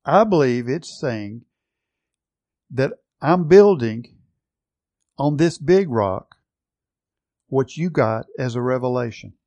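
Male preacher, earnest and emphatic, slow delivery, dry close recording. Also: medium pitch, animated, a little mellow, no echo, lo-fi sound. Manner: earnest, emphatic Bible teaching with slow stressed phrases. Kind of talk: sermon.

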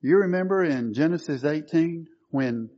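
A man's voice: on the high side, moderate pace, highs cut off. A man preaching a sermon, quoting scripture and stressing key words emphatically.

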